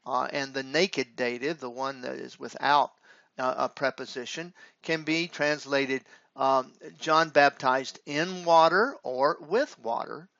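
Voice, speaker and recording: A man teaching Greek grammar in a halting, deliberate way, with frequent filler pauses. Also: mid-range voice, gravelly, pushed and bright, dry recording. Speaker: Greek professor. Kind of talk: grammar lecture. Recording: dull lo-fi dry recording.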